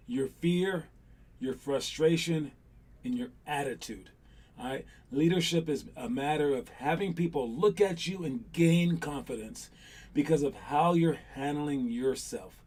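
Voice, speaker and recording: A man's voice: on the high side, warm tone. A young man coaching youth basketball players, talking loosely and chattily and repeating his key phrases. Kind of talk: casual talk to players.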